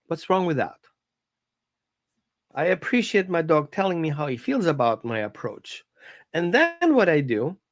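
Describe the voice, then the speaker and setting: Animated dog trainer teaching live. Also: mid-range voice, no echo, studio quality. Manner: animated, conversational, coaching tone. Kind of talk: informal live-stream lesson. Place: at home.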